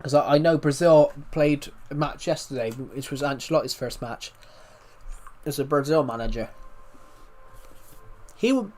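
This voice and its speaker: A British man streaming live and chatting with viewers, talking calmly with frequent restarts, his voice thick from being slightly ill. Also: fairly high pitch, moderate pace, pauses often. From United Kingdom. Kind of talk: casual live stream chat.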